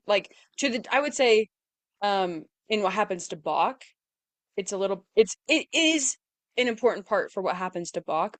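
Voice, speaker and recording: A woman's voice: medium pitch, no room sound. A woman co-hosting a podcast, chiming in with side comments and corrections during a casual movie discussion. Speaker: podcast co-host. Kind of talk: casual movie review chat.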